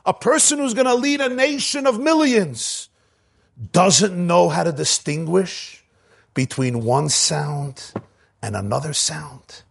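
A man with a notably high voice delivers a Torah sermon, using Ashkenazi Hebrew pronunciation. He teaches emphatically and drives his points home with rhetorical questions. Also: lively intonation, slow pace, gravelly, breathy edge. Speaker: rabbi.

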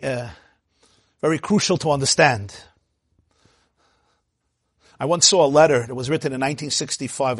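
A man teaching a Torah class as a rabbi, telling stories and acting out quoted speech with big jumps in pitch and loudness, thinking aloud with restarts. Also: husky, no echo, studio quality. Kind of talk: Torah lecture.

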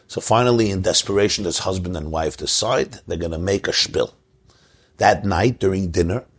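Telling a joke as a story, this man, a Jewish religious teacher, turns it into a sermon lesson, building up to points of emphasis. His voice is low, creaky and husky.

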